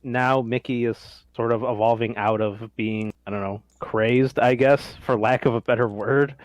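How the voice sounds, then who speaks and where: A man's voice: medium pitch, steady tone, normal speed, dry recording. A man co-hosting a podcast in casual chat, analysing wryly with hesitations. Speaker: podcast co-host.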